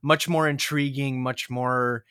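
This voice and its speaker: A man's voice: mid-range voice, fairly even intonation, slow, pushed and bright, clean tone, no echo, clean studio sound. A young man co-hosting a podcast, chatting casually with lots of fillers and restarts. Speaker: podcast co-host. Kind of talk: casual chat.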